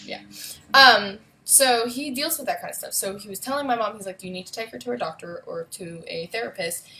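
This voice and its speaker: A woman's voice: medium pitch, fairly quick, bright, forceful tone, a little hiss or hum, poor audio. A woman vlogger with a young son, telling a personal story in a casual, rambling way with many fillers and asides. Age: adult with a young son.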